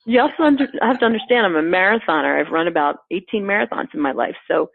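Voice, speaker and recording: An American woman guest, a composer and conductor, telling lively stories and acting out the people she quotes. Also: medium pitch, fast talker, vocal fry, noisy background. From United States. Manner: lively, laughing often, acts out quoted people. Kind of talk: animated storytelling in an interview. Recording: tinny phone-line sound, dry.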